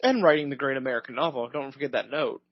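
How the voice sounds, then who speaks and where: A man's voice: mid-range voice, fast, no room sound. Sarcastic man joking on a podcast. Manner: sarcastic, deadpan jokes. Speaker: podcast co-host. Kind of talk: casual comedic banter. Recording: dull, slightly lo-fi podcast mic.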